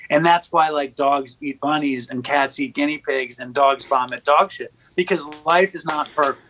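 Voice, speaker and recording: On a poor recording with a little hiss or hum, a podcast host from New York City speaks at normal speed in a higher, bright, forceful voice. He tells stories in a wry, joking manner during a laid-back chat.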